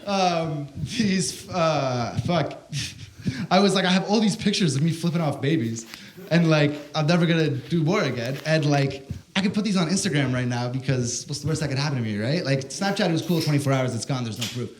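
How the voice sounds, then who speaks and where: A man's voice: on the high side, expressive, fairly quick. A young man doing stand-up comedy, telling a story in a brash, profane, slangy way and calling people "bro.". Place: comedy stage before a live audience.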